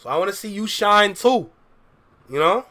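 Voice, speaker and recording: Young guy streaming, laid back slangy chat with viewers, kinda high bright voice. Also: lively intonation, normal speed. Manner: laid-back slang-heavy banter, reading chat aloud. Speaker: reaction streamer. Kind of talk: casual livestream chat with viewers.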